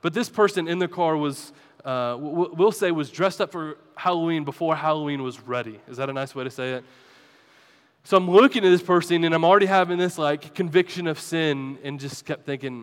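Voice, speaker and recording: In a church sanctuary, a pastor delivers a sermon with a personal story, chatting with his congregation and poking fun at himself. His male voice is fairly high and smooth, and he talks a little fast. The sound has a long reverb tail.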